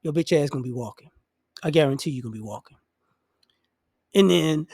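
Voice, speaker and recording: Male ranter, high lively voice with gravel, mocking and profane, dry close sound. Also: a little fast, pauses often, dry recording. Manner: blunt, profane, mocking, acts out quoted people in high voices. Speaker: commentary vlogger. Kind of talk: casual ranting monologue.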